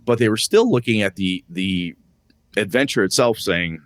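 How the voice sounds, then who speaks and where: A man's voice: fairly low pitch, no room sound. A man hosting a talk show, casually telling tabletop game stories and acting out his friends' lines. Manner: animated, acts out friends' lines in quick voices; loose, rambling with fillers and asides. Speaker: podcast host and game master. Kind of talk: casual storytelling about tabletop games.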